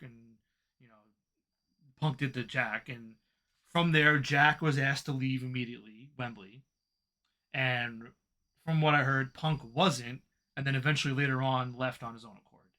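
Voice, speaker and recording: Bright-voiced man in casual podcast chat. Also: mid-range voice. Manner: animated, swearing, venting frustration. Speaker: podcast co-host.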